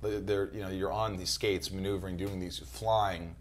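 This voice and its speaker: A middle-aged man from New York chatting as a podcast guest, telling animated stories, swearing freely and acting out other people's voices. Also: low voice, normal speed, slight background noise. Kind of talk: casual podcast chat.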